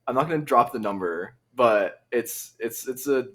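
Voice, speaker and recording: Brief: young man from the southern US, relaxed podcast co-host, medium pitch, casual slang. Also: normal speed. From southern United States. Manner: laid-back, laughing, slangy.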